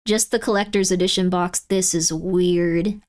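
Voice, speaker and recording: A woman streaming live, chatting casually and rambling in exasperated disbelief, her voice often jumping up in pitch. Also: fairly even intonation, unhurried, a little mellow.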